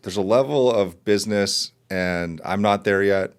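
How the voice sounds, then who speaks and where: Deep-voiced man hosting a chatty podcast. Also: a little slow. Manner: chatty, friendly questioning with asides. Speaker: podcast host. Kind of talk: casual conversational interview.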